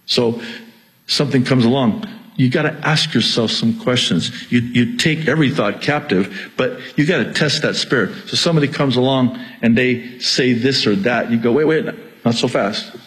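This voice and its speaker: A man preaching a sermon as pastor, emphatic and sometimes near yelling, with asides and jokes to the congregation. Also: medium pitch, moderate pace, low-quality recording.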